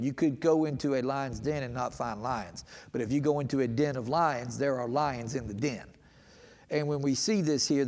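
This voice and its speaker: A middle-aged man teaching a midweek Bible lesson in a church, folksy and rambling, with many restarts and fillers. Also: fairly high pitch. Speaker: pastor. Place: church sanctuary. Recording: long hall reverb.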